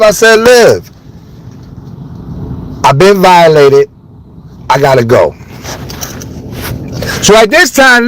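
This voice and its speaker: Loud, high-voiced man ranting on a live stream. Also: low-quality recording. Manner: loud, heated and blunt, swearing freely. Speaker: livestreamer. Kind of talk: livestream rant to chat.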